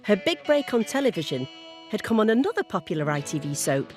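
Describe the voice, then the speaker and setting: A woman narrates a documentary in a smooth storytelling manner. Her pitch moves a lot across each line. Music runs clearly behind her. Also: very animated, a little fast, darkish tone. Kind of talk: scripted narration.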